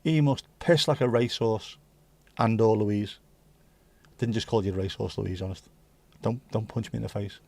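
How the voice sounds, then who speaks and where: A man's voice: on the low side, normal speed, vocal fry, warm tone, no echo. A man hosting a casual livestream, reading out viewer comments with jokey banter and slipping into bits of Dutch and Spanish. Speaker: livestream host.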